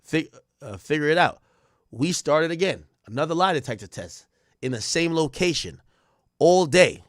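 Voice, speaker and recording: A man talks through court testimony on his live stream, reading lines aloud and breaking off to react in slang. His pitch leaps up and drops low as he goes. The sound is dry and close, with no room around it. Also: moderate pace, dry recording. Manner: animated, reads testimony aloud and riffs on it with slang. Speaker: stream host recapping a trial. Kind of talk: casual live-stream commentary.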